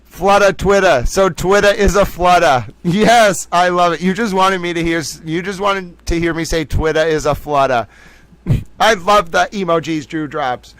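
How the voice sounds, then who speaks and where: A man's voice: a little high, fairly bright tone, clean tone, no room sound, rough recording. A man hosting a livestream, reading viewer comments aloud and riffing in a playful, rambling way. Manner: playful, rambling, jokey asides to chat. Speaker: livestream host.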